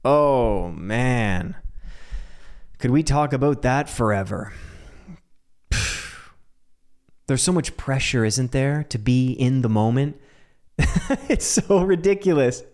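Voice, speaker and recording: A man's voice: medium pitch, expressive, slow pace, pauses often, darkish tone. A man hosting a solo podcast, talking casually in a rambling, self-mocking, jokey way with frequent laughs. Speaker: podcast host.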